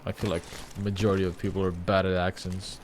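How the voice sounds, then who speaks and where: A man's voice: sits low, little pitch movement, fast talker, background noise. Laid-back swearing male streamer. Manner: laid-back, swears casually, laughs often. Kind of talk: casual gaming stream chat.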